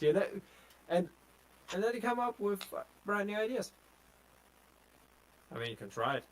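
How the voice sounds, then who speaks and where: A man's voice: high voice, very animated, moderate pace, pauses often, low-quality recording. A German man with a German accent co-hosting a podcast, chatting in a friendly, encouraging way with frequent "yeah?" tags. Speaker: podcast co-host. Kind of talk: casual chat.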